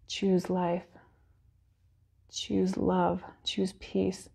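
A woman's voice: lowish voice, little pitch movement, moderate pace, gravelly, mellow, breathy edge. A woman giving an earnest, emotional devotional talk at a church service, at times close to tears. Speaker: worship speaker.

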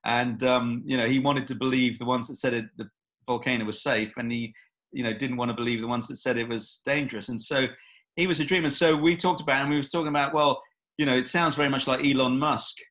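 A man who is a film director, answering interview questions in a relaxed, rambling way with many fillers and restarts. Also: mid-range voice, quick pace.

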